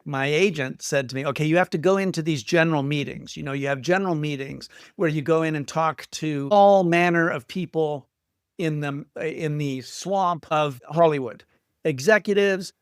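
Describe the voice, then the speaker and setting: Smooth-voiced Canadian screenwriter guest. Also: male voice, fairly high pitch, no room sound, studio quality. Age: middle-aged. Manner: self-deprecating, animated retelling of quotes. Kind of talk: casual interview storytelling.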